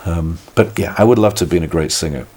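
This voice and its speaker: Fast and breathy-edged, this older British musician's voice is low and darkish. In a reflective, conversational interview he speaks thoughtfully, with wry self-mockery, and often restarts his sentences.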